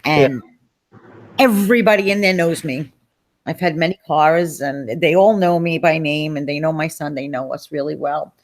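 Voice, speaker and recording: A middle-aged woman, telling a personal story as an interview guest in a lively, chatty way, acting out the voices of people in it. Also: deep voice, moderate pace. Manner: animated, acts out quoted voices.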